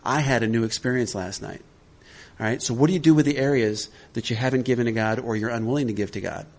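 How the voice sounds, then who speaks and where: A man's voice: medium pitch, quick pace, gravelly. Man leading a recovery workshop, conversational. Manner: conversational, checks in with "all right?". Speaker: workshop leader.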